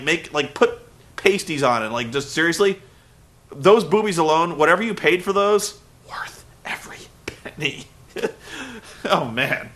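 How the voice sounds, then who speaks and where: Young male host, rambling wrestling rant, bright and fairly high voice. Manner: animated, rambling, jumps into loud shouted impressions. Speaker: web show host. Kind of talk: casual wrestling recap rant.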